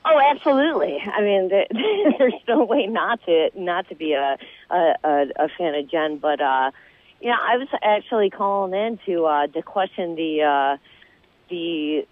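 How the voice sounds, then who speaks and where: A man calling in to a radio show, talking in a halting monotone with many fillers. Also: sits high, no echo. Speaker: caller. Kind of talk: casual chat. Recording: phone line call-in.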